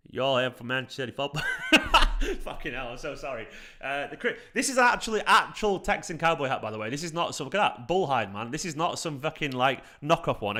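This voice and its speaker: A young adult man hosting a football fan live stream, chatty and excitable, swearing casually as he reads the chat. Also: fairly high pitch.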